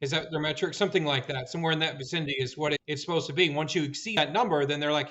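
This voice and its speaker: A man's voice: a little high, very fast, hardly any pauses, a bit bright. A man hosting a casual podcast chat who sounds earnest and agreeable and often chimes in while his guest talks. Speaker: podcast host. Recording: dull lo-fi audio.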